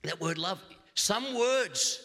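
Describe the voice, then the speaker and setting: Australian male pastor, middle-aged, high and brilliant tone, animated storyteller. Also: gravelly. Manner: animated humorous storytelling with quick restarts. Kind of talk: sermon. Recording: long hall reverb.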